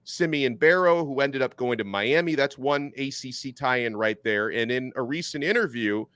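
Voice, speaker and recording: A man's voice: medium pitch, moderate pace, a bit bright, clean tone, no echo. A man hosting a sports podcast, laying out his analysis in a conversational way. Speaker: podcast host.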